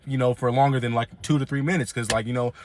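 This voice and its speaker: A man quoting his bossy middle-aged aunt in a curt, impatient voice, pitched lower than his own. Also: steady tone, fast, a little hiss or hum, lightly acted.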